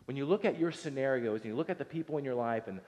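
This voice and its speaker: Animated male pastor in a reverberant hall. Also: mid-range voice, fast talker. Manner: conversational, animated, acts out voices in the story. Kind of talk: sermon.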